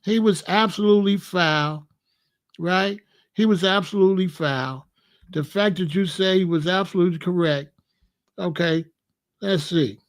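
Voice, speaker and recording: Argumentative male commentary host, high voice. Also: measured pace. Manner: argumentative, piling up rhetorical questions. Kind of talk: reaction commentary.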